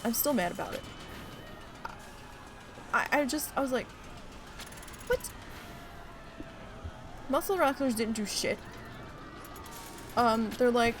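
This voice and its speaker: A woman streamer telling a story in a casual, animated, exasperated way, with lots of swearing, while she plays a park-building game. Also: a little high, takes it slowly, long pauses, background noise.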